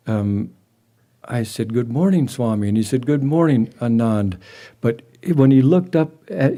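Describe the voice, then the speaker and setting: An older man telling a personal memory at a memorial gathering, halting and gentle, with many restarts. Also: mid-range voice. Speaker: devotee sharing a memory. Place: gathering hall with a live audience.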